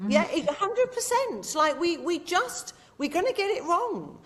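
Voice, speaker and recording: A woman's voice: very high voice, unhurried. A woman, a podcast guest casually telling family stories and acting out the quotes. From England. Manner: animated, tells stories with acted-out quotes. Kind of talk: casual storytelling chat.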